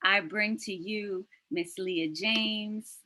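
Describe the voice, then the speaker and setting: Bright-voiced woman hosting a poetry night. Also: medium pitch, fairly even intonation, drawn-out words, a little hiss or hum, low-quality recording. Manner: chatty, self-deprecating, laughs while talking. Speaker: host and teacher. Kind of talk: casual event hosting. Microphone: video call.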